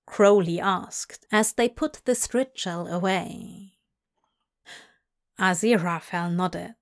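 A woman reading a story aloud in a soft, hushed voice that drifts into whispers. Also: lowish voice, slow pace. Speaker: audiobook reader. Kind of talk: narrating fan fiction aloud.

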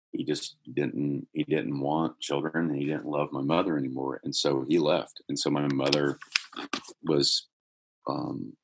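A middle-aged man with a husky voice, earnestly telling a personal story in conversation, growing more animated as he goes. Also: extremely low pitch. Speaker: guest telling his life story.

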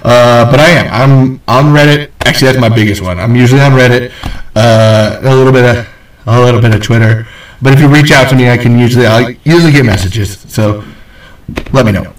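A man hosting a podcast, signing off in an excitable, rambling way, nervous and cursing freely. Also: medium pitch, a little fast, roomy sound, far from the mic, poor audio. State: nervous and sweating. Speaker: podcast host. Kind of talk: rambling casual podcast sign-off.

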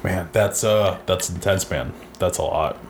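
A man with a very low voice on a podcast, cutting in with short, wry reactions during casual chat. A faint noise sits behind him. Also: a little slow. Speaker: podcast co-host.

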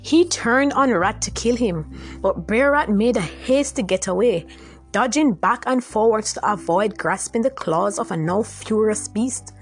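A woman tells a folktale in a lively, expressive storytelling voice, with her pitch rising and falling in wide swings. Her voice sits in a middle range. Faint music plays softly behind her. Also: measured pace. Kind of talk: scripted folktale narration.

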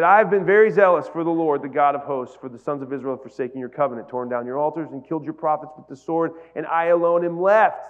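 A man's voice: sits high, highs cut off. A male pastor giving a sermon, talking casually with the congregation and rising to emphatic peaks. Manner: conversational preaching, builds to emphatic peaks.

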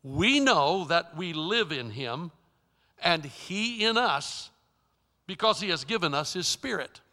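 Emphatic male preacher with a high, piercing bright voice, in a hall with long reverb. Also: big pitch swings, slow pace. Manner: emphatic, dramatic shifts in loudness. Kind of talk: storytelling sermon.

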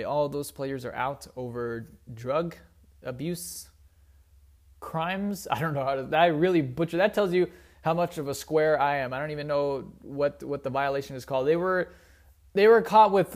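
A young man giving casual, opinionated solo sports talk as a commentator, rambling with frequent fillers. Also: on the high side.

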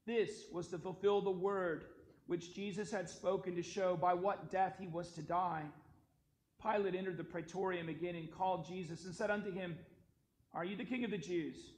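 A man reads the gospel in a steady, formal manner, his fairly high voice ringing through an echoey church sanctuary. Faint ambient noise sits behind him. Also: normal speed. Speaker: scripture reader. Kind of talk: liturgical gospel reading.

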